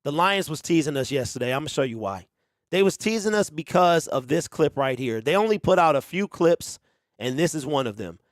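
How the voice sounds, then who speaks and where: A man hosting a casual sports talk stream, animated, who exclaims and repeats himself. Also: a little high, fairly quick, no echo, clean studio sound. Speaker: sports show host.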